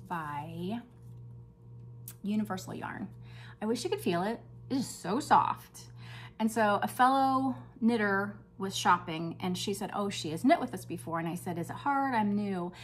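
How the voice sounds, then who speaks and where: Older woman, crafting vlog host, chatty and enthusiastic, mid-pitched voice, faint hum behind. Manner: chatty and enthusiastic, drops to a hush at times. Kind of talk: casual show-and-tell chat.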